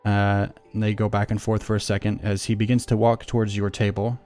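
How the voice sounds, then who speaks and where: Rambling low-voiced male game master. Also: little pitch movement, fairly quick, darkish tone, soft background music. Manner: loose, rambling narration with many fillers. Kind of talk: narrating a tabletop game.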